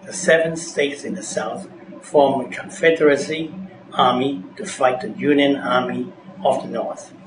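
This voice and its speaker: A man narrating a scripted vocabulary lesson as a teacher, reading in a measured, deliberate way. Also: medium pitch. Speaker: English teacher. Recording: echoey room with background noise.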